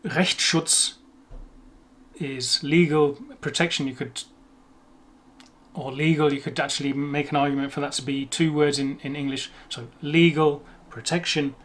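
A man's voice: fairly high pitch, a bit bright. Chatty man explaining pronunciation. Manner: chatty, self-deprecating, demonstrates words slowly. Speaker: language video host. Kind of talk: casual explanatory talk on pronunciation.

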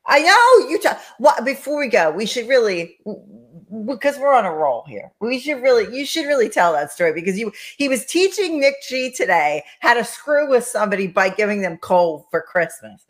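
A woman co-hosting a podcast, scolding her husband in loud, theatrical mock outrage. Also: fairly high pitch, big pitch swings, normal speed, few pauses. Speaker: podcast co-host. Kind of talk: comic married-couple banter.

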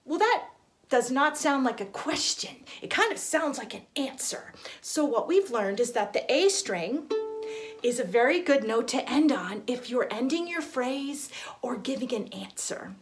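Encouraging woman violin teacher, slightly high. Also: lively intonation, unhurried, soft background music. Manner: gentle, encouraging, with small restarts. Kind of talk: friendly instructional explanation. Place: recording studio.

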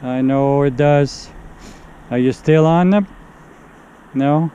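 A man's voice: fairly high pitch, slow pace, warm tone, clear, resonant tone, highs cut off. A middle-aged man preaching on the street outdoors, earnestly pleading with a listener. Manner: earnest, pleading, keeps urging. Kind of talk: one-on-one street evangelism. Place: outdoors in a city park in winter.

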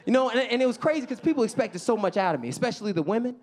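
With an extremely high, expressive voice, a darkish tone and a very fast delivery, a young man from the south side of Chicago does stand-up on a club stage. Performing for a live audience, he acts out characters in silly voices.

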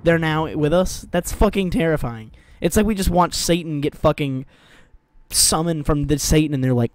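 A young man with a fairly high voice hosts a music reaction video at normal speed, recorded dry. He's animated and rambling, chatting casually with lots of swearing and jokes.

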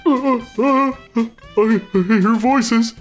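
A fan voice actor playing a dopey, cheerful cartoon starfish in a game role-play. He talks slowly and a little goofily at a middling pitch. Faint music plays underneath. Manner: slow, slightly goofy delivery. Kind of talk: Minecraft role-play voice acting.

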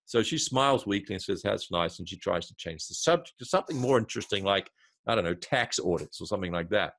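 A man who is a marketing consultant, a guest in an interview, explaining his ideas through a lively step-by-step storytelling example. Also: on the low side, quick pace.

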